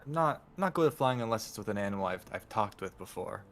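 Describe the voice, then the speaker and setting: A man's voice: fairly low pitch, expressive, fast, fairly bright tone, a little hiss or hum. A man playing a tabletop game, talking hesitantly and stammering. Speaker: player.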